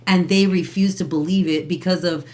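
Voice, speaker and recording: A woman with a lower voice chats on a podcast, jumping into stories with energy. She pushes back on her co-host and laughs easily while she talks. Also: moderate pace. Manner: animated storyteller, acts out voices, laughs. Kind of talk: casual relationship talk.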